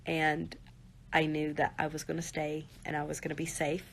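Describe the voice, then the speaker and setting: A woman's voice: deep voice, completely flat delivery, normal speed, vocal fry, slight background noise. A woman on a live stream, talking to viewers in an earnest, direct way and often saying "you guys" and "like". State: near tears at times.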